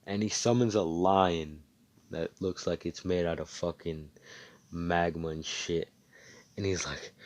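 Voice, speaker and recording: A man's voice: low voice, fairly even intonation, a little slow, darkish tone, a little hiss or hum. A young man casually retelling his own fan-fiction story over voice chat, rambling and swearing with lots of fillers.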